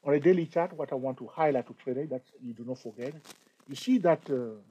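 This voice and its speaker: Dark-voiced man explaining trading charts. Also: medium pitch, a little hiss or hum, poor audio. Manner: halting, explanatory, points at chart. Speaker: trading tutor. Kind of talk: screen-share chart tutorial.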